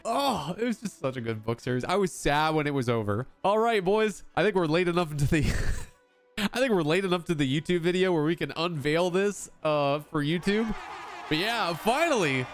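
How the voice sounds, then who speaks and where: A man casually reviewing fantasy books on his vlog, animated and slangy, laughing often. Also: a little high. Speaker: book reviewer.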